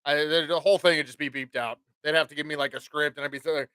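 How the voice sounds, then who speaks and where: A man's voice: fairly high pitch, steady tone, quick pace, hardly any pauses, sharp tone, clean tone, dry recording, studio quality. A man hosting his own podcast, rambling casually with plenty of swearing and jokes. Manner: profane, rambling, jokey. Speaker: podcast host.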